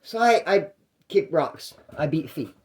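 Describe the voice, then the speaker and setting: A man's voice: fairly high pitch, animated, a little slow, a little mellow. A young man telling a story in a casual, slangy, rambling way, with restarts.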